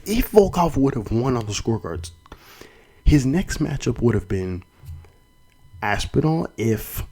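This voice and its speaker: A man's voice: mid-range voice, a little mellow, slightly rough, low-quality recording. A young man hosting a solo fight podcast, talking casually and rambling with many restarts and some swearing. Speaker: podcast host.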